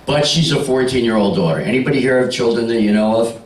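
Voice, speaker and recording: A man's voice: medium pitch, fast talker. A stand-up comedian in his sixties, telling jokes and stories to a party crowd and talking back to them. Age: 60s. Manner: storytelling with punchlines, talks to the crowd. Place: party room with a live audience. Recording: roomy, mic heard from a distance.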